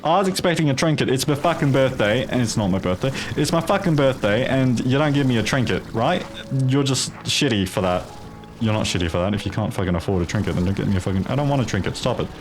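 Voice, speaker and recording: A man's voice: mid-range voice, expressive, fast talker, faint music behind. Rambling man in a put-on Australian accent. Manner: rambling, profane, jokey asides. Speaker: gaming video host. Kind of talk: casual gameplay commentary.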